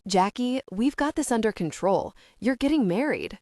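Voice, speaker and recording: A woman voicing a brooding male florist in an audiobook, speaking in a low-key, calm and reassuring way. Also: normal speed, dry recording, studio quality, natural voice.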